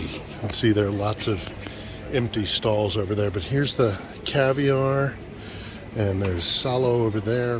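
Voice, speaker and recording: A middle-aged man narrating a walking vlog through city streets and a market, reflective and conversational, thinking aloud. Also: mid-range voice. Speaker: vlogger and reporter. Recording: noisy outdoor street ambience. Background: city traffic and street noise.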